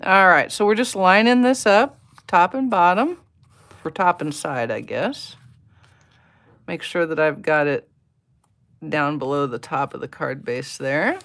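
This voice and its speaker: A woman's voice: low-pitched, animated, a little slow, long pauses, a bit bright. A woman demonstrating a card-making project on a live stream, chatting along as she works and greeting viewers by name. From United States. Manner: talks to herself while working. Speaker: papercraft demonstrator. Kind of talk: live-stream craft tutorial.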